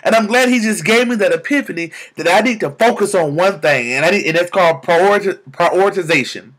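A young man vlogging about faith, exclaiming and repeating words in bursts of excitement, talking into a camera. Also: high voice, fairly quick. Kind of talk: excited spiritual vlog testimony.

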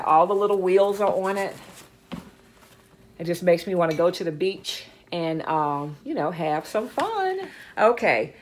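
A woman's voice: fairly low pitch, a little hiss or hum. Chatty woman gushing over finds. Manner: chatty, gushing, repeats words for emphasis. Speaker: vlogger showing a dumpster-diving haul. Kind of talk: casual chat to camera. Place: home, indoors.

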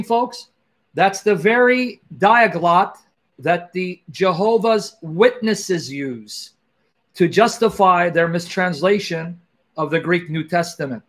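A man with a high, somewhat bright voice hosts a Christian apologetics stream. Reacting to a clip he's playing, he speaks emphatically, repeats important words, and talks directly to the audience.

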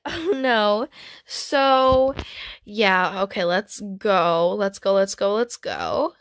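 A woman hosting a gaming channel, chatting excitedly as she trades in a game, with frequent gasps and squeals. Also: medium pitch, slow pace, no room sound, clean studio sound. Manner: chatty, talks to viewers and other players. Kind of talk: playing a trading game while commenting casually.

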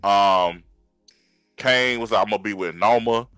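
A man's voice: on the low side, measured pace, sharp tone, smooth, no room sound, faint music behind. A man hosting a podcast, chatting casually and retelling scenes with emphatic, repeated phrasing. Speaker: podcast host. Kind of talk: casual chat.

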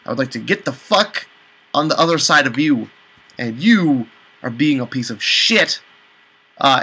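A man commentating a let's play, exasperated, with high panicked outbursts and swearing. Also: pushed and bright, poor audio. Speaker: gaming channel host.

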